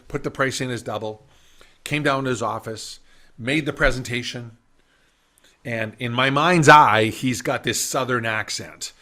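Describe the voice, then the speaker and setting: Bright-voiced man telling a business story. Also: medium pitch. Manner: animated, acts out quoted voices. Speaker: business speaker. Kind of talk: summit talk storytelling. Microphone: video call.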